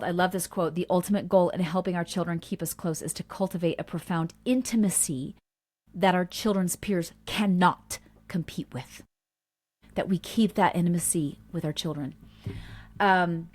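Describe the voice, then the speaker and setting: Earnest woman hosting a parenting workshop. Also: on the low side. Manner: earnest, storytelling, acts out quotes softly. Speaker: homeschool workshop host.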